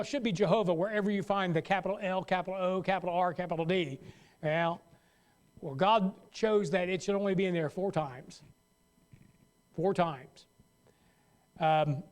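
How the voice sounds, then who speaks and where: High-voiced pastor teaching Sunday school. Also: male voice, a little mellow. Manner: loose and conversational, with restarts and asides. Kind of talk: Sunday school Bible lesson.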